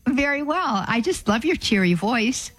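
A woman hosting a call-in radio show, giving advice in a halting way with many fillers and restarts. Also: a little high, lively intonation, no echo, poor audio.

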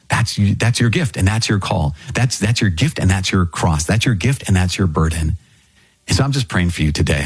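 A priest with a very low, husky voice, teaching in an earnest, prayerful way. He doubles back on his phrases to stress them. The sound is close and dry. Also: no echo. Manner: earnest, repeats phrases for emphasis. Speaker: priest and podcast host. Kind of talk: catechism teaching talk.

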